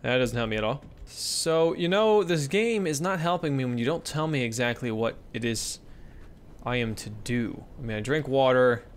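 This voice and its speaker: A young man gives relaxed let's-play commentary at normal speed, his mid-range voice clean in tone. He alternates excited yelps with hushed murmurs, swearing casually as he coaxes his in-game kids along.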